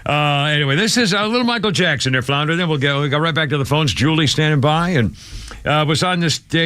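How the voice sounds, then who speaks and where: A man's voice: on the high side, lively intonation, quick pace, fairly bright tone. A man hosting a radio talk show in a studio, rambling and laughing often at himself.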